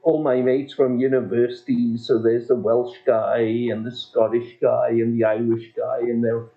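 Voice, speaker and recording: Man, mid-pitched voice, rambling storyteller in casual chat, muffled recording. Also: flat delivery, moderate pace, gravelly. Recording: dull lo-fi audio.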